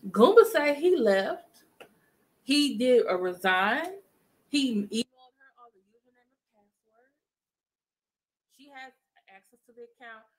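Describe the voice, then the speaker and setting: A woman giving casual gossip commentary to her viewers, chatty and animated as she retells events. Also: high voice, a little slow, pauses often. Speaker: commentary vlogger.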